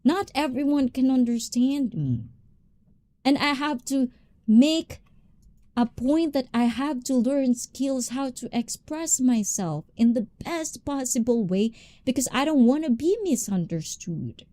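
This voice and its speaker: A woman hosting a live stream, chatting with viewers in an animated, passionate way and switching between English and Tagalog. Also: sits high, measured pace, no room sound. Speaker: livestream host.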